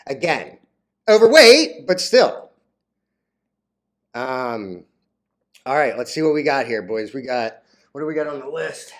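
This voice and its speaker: Speaking at normal speed with a medium pitch, a man rants casually about stocks in his vlog, crude and rambling. He keeps saying "like," laughs at his own jokes and becomes flustered without much provocation.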